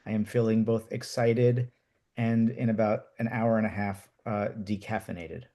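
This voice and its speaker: A brand strategist introducing himself in a quick, wry way on a video call. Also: male voice, lowish voice, steady tone, dark tone.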